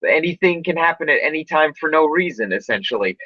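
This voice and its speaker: A man's voice: on the high side, lively intonation, quick pace, bright, forceful tone, no room sound, lo-fi sound. A man hosting a casual podcast chat, rambling with lots of fillers and restarts. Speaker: podcast host.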